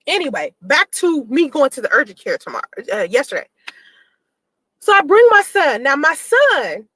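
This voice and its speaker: A woman telling a personal story to her viewers in a casual vlog, animated and acting out the exchanges she describes. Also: high voice, no echo, low-quality recording. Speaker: mother telling her own story to camera.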